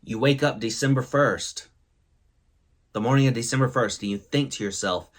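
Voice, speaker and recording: A man's voice: mid-range voice, normal speed. A man hosting a comedy show, delivering corny jokes and a monologue with a playful, theatrical manner. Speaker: host. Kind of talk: comedic joke-telling monologue.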